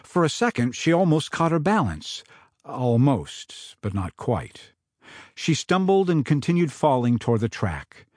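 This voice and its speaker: A man reading his own novel aloud in dramatic, expressive audiobook narration. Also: medium pitch, unhurried, no room sound, studio quality.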